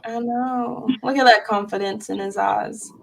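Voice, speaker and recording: A woman's voice: on the high side, steady tone, a little slow, creaky, a bit bright, poor audio. A woman co-hosting a book club podcast, reacting in casual chat with fond, cheering comments.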